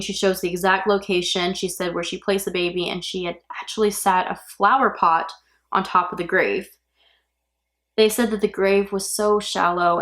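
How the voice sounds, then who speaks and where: A woman's voice: on the low side, fairly bright tone. Woman doing a casual true crime podcast, chatty, drops blunt opinions in between. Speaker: podcast host.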